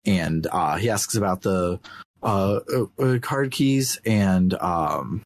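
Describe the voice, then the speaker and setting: A man co-hosting a podcast, casually recapping a game's story in a halting way, with many fillers and restarts. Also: deep voice, animated, no room sound. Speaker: podcast co-host.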